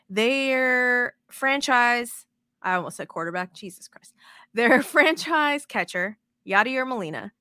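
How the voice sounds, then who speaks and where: A woman hosting a podcast in casual chat, excitable and rambling, with the odd swear. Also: mid-range voice, no room sound, studio quality. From moved to Texas as an adult. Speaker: podcast host.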